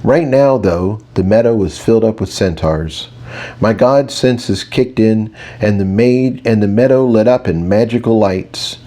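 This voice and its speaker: A man's voice: fairly low pitch, a little slow, dark tone. A man narrating a fantasy audiobook in the first person, wry and conversational.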